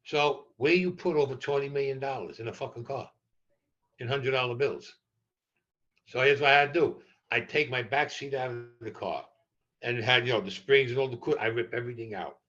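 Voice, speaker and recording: An older man tells stories as an interview guest, blunt and profane. His voice is bright and forceful. The recording sounds a little dull and muffled. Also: mid-range voice, a little fast. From New York. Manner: blunt, profane, animated storyteller. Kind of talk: storytelling in a podcast interview.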